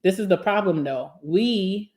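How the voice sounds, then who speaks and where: A young woman vlogger talking casually and candidly to camera while eating, sassy and quick to laugh. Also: mid-range voice, a little mellow. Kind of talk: casual mukbang chat to camera.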